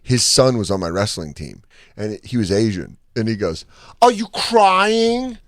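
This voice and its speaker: A man's voice: lowish voice, normal speed, dry recording, studio quality. A man from Colorado hosting a podcast, telling stories in a casual, profane way and slipping into voices for the people in them. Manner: animated, profane storytelling with voiced impressions. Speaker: podcast host and comedian.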